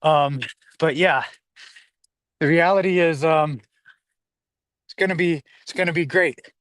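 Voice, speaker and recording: A man's voice: on the high side, measured pace, a bit bright. A man hosting a casual livestream while walking his dog outdoors. He rambles, reads viewer comments aloud and is slightly out of breath. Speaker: livestream host. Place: outdoors on a hillside street.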